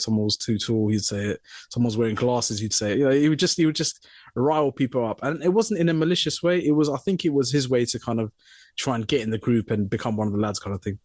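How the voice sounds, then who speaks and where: Animated young Englishman telling work stories. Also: medium pitch, dry recording, clean studio sound. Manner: animated storyteller, mimics voices in quotes. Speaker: podcast co-host. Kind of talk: casual storytelling.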